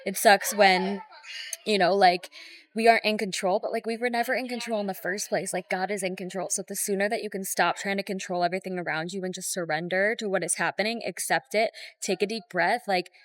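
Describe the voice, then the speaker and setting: A woman's voice: mid-range voice, fairly even intonation, fairly quick, no echo. A young woman and breathwork coach talking in a casual, heartfelt travel vlog, full of "like" and gratitude. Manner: emotional, heartfelt, heavy use of "like".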